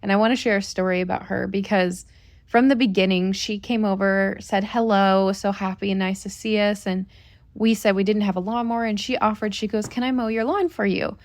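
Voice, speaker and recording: A woman's voice: medium pitch, fairly even intonation, a little fast, no echo. A woman co-hosting a family podcast, telling a personal story in an earnest, reflective way. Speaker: podcast co-host. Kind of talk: casual storytelling chat.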